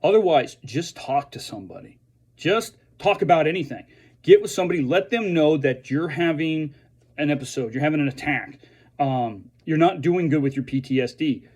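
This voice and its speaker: Earnest, halting man with a slightly high voice. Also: expressive, a little mellow, slightly rough. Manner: earnest, halting, with frequent restarts. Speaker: veteran speaking to fellow veterans. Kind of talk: earnest direct-to-camera message.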